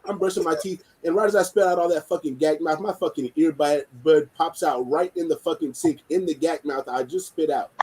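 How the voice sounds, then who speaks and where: A man telling an animated, profane story in a casual chat, recorded on a distant mic with background noise. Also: on the high side, brisk, hardly any pauses.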